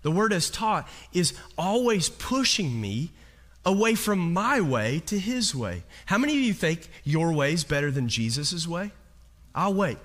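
A man pastor preaching a sermon to a congregation, animated, with rhetorical questions and humor. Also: on the high side, unhurried.

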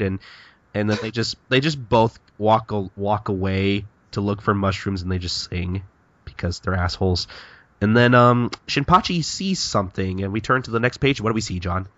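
A man's voice: fairly low pitch, normal speed, a bit bright, no room sound, highs cut off. A man co-hosting a podcast in casual chat, recapping a manga in a rambling, profane way and acting out characters' lines with lots of laughing. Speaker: podcast co-host.

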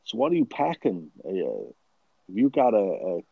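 A man's voice: low voice, wildly swooping pitch, unhurried, gravelly, mellow, husky, no room sound, dull audio, full character voice. A man putting on a mock American accent to play a swaggering action-movie tough guy.

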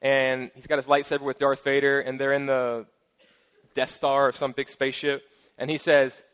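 A middle-aged man preaching a sermon as pastor, casual and playful with joking asides and lively emphasis. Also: mid-range voice, moderate pace, clean tone.

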